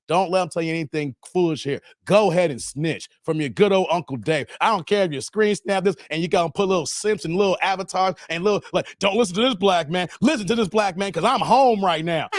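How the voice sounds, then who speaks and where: A man's voice: on the high side, no echo, studio quality. A man in his forties from the Chicago area, hosting a casual livestream and talking in a joking, slangy, emphatic way with frequent laughs. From Chicago area, United States. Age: 40s. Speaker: livestream host.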